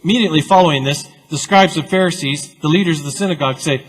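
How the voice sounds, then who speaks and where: A man preaching a sermon as pastor, with a conversational, animated storytelling style full of asides. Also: fairly high pitch, a little fast, breathy edge. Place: church sanctuary. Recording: long church reverb.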